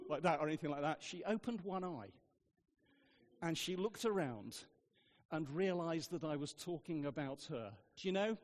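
High-voiced preacher, echoing hall. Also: male voice, animated, normal speed. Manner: humorous storytelling, dry asides. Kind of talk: sermon. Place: church.

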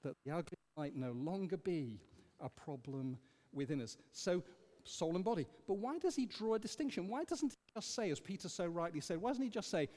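A man leading an interactive sermon, questioning the congregation in an animated, emphatic way. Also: high voice, a little fast. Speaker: preacher leading a Bible study. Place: church. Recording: echoey church hall.

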